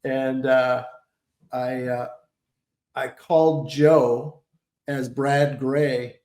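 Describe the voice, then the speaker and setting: A man, a comedian guest from Detroit, telling animated stories and slipping into voices. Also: mid-range voice, extremely slow. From Detroit, Michigan. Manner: animated, lots of voices and laughs. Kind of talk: storytelling with impressions. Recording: roomy echo.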